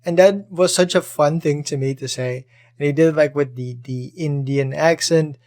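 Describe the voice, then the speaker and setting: A man hosting a casual podcast, reading out Reddit posts and reacting to them with chatty, animated commentary full of swearing. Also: on the high side, normal speed. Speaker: podcast host.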